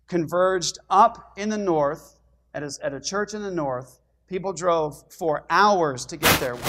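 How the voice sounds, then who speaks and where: A middle-aged male pastor telling his congregation a story in a sermon, animated and getting louder when excited. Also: sits high, very noisy.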